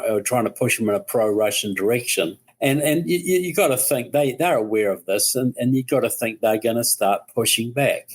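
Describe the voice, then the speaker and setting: New man telling a story. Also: medium pitch. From New Zealand. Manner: storytelling, repeats words as he builds a point. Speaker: guest commentator. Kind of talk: casual podcast conversation.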